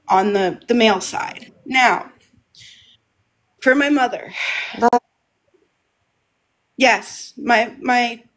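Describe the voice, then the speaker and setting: A woman's voice: medium pitch, fairly bright tone. A woman talking on a casual livestream from home, rambling and restarting her phrases. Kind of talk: casual live monologue.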